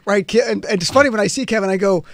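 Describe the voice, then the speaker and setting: A man's voice: high-pitched, rapid-fire, a little hiss or hum. A man hosting a radio show from a studio, chatting with a guest in a casual interview and laughing often as he tells stories. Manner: animated, laughs often while telling stories. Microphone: studio microphone.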